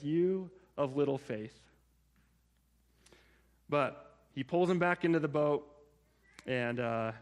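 A man preaching a sermon in a conversational way, often checking in with his listeners through quick asides. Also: on the high side. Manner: conversational, frequent "right?" and "like" asides. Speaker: pastor.

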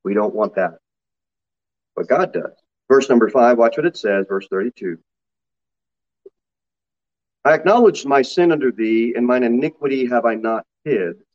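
A man preaches a sermon from the pulpit at a middle pitch, his delivery swinging between low, earnest stretches and sudden high, loud mock quotes. The church recording sounds slightly dull and lo-fi. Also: expressive, moderate pace, pauses often. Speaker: pastor. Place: church sanctuary.

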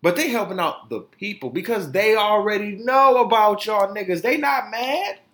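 A man's voice: high-pitched, lively intonation, normal speed, fairly bright tone. A man hosting a podcast, giving blunt, profane opinion commentary in a heated, ranting way and sometimes stumbling over his words. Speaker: podcast host.

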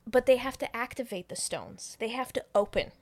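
A young woman co-hosting a casual podcast, animatedly retelling a movie plot with swearing, laughter and quick character voices. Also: on the high side, a little mellow. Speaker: podcast co-host retelling a film. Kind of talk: casual chat.

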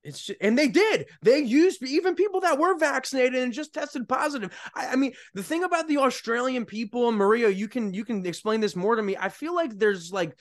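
A man's voice: extremely high pitch, expressive, brisk, few pauses. A man hosting a podcast, chatty and rambling in casual conversation. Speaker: podcast host.

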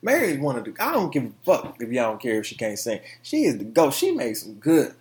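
A man hosting a solo podcast, talking in an animated, profane, casual way and now and then breaking into song. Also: mid-range voice, fairly quick. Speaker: podcast host.

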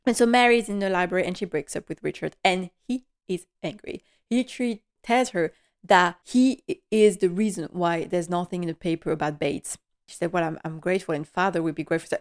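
A woman's voice: on the low side, a little fast. A woman giving a casual, chatty, gushing recap of a television episode, often laughing as she talks. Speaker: TV recap vlogger.

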